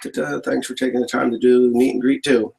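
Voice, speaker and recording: A man's voice: mid-range voice, flat delivery, a little fast, vocal fry, background noise. A man, a farmer, casually answering viewer questions in a rambling, joking way. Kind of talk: casual live Q&A chat.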